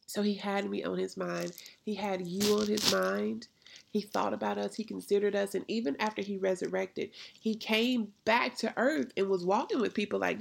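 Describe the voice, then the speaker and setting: Gravelly-voiced woman preaching conversationally. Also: mid-range voice, fairly even intonation, normal speed. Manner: conversational preaching with rhetorical questions. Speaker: podcast host. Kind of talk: faith podcast monologue.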